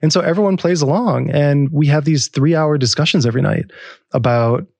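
A man in his forties talks through a long story as a podcast guest, circling back and restarting his sentences. His voice has a gravelly edge, and the sound is dry and close to the mic. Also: fairly high pitch, fairly quick, a little mellow, no room sound. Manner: rambling, self-interrupting, laughs often. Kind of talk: casual storytelling conversation.

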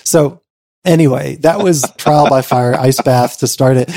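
A middle-aged man telling a lively story in a casual conversation, acting out quotes and saying "like" a lot. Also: a little slow. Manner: animated, acts out quotes in a high voice, many "like"s. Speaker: guest.

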